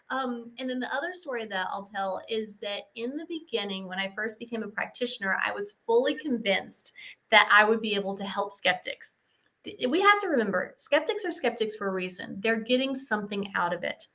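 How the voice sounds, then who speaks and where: A woman's voice: medium pitch, brisk, sharp tone. A woman hypnosis practitioner telling stories in a casual Q&A. She acts out the dialogue, leans on "like" a lot, and laughs through the punchlines. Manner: chatty, acts out quoted dialogue, frequent "like". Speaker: hypnosis practitioner and course founder. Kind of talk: casual storytelling Q&A.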